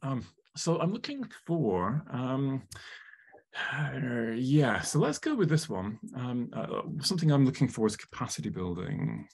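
A man's voice: medium pitch, sing-song, a little slow, gravelly, a little mellow, husky. A man presenting a live online workshop, chatty and full of ums, often asking the audience questions over a video call.

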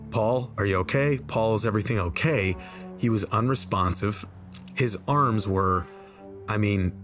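A man telling a personal story in a relaxed, conversational way over gameplay, slowing down for the tense moments. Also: fairly low pitch. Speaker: storyteller and game video creator. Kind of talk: casual spoken storytelling. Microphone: desk microphone.

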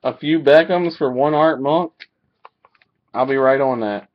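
A man opening trading card packs live and calling out each pull, reacting with excitement. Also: mid-range voice, measured pace. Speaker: card breaker. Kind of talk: live card break commentary. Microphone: webcam mic. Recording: dull lo-fi webcam audio.

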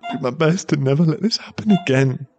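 In a lightly acted ASMR role-play, a male voice actor plays a young boyfriend at a hospital bedside, pleading and stammering remorsefully as if near tears. His voice is a little high, a little fast and dark in tone, and the muffled recording carries faint background music.

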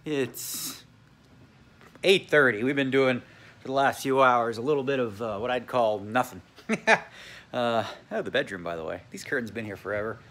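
A man's voice: mid-range voice, normal speed, a bit bright, faint music behind. A man talking casually to camera at home in a vlog, chatty, often laughing and muttering to himself. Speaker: vlogger. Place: home indoors.

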